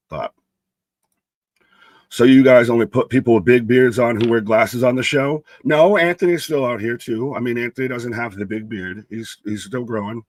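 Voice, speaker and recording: A man's voice: mid-range voice, dry recording. A young man co-hosting a live wrestling stream, chatting casually and reading out viewer comments by name. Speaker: co-host of a live wrestling watch-along stream.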